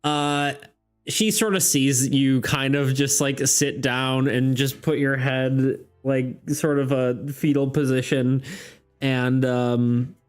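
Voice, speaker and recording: A man's voice: mid-range voice, steady tone, slow pace, clean tone, faint music behind. A man running a tabletop game on stream, describing scenes in a loose, rambling way and laughing often. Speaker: game master.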